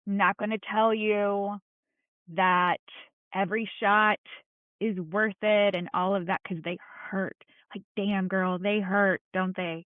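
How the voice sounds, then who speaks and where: A woman's voice: medium pitch, little pitch movement, slow, no echo. Podcast guest: woman, earnest and encouraging, over a dry, tinny phone-like line. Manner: earnest, encouraging, plain-spoken. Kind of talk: candid heartfelt conversation.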